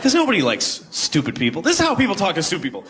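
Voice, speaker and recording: A man doing rambling, self-deprecating stand-up in a large concert hall, acting out bits in high shouted voices. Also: wildly swooping pitch, racing. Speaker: stand-up comedian. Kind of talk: stand-up comedy. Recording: live concert recording with crowd noise. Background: audience laughter.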